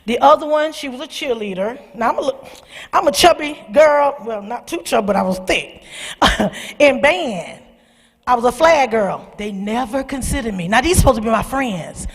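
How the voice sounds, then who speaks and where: A middle-aged woman, husky-voiced, telling a personal testimony to young people in a church, animated and calling out to her listeners. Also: fairly high pitch, moderate pace. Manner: animated storytelling, calls out to the audience. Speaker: speaker at a church youth service. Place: church sanctuary. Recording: long hall reverb.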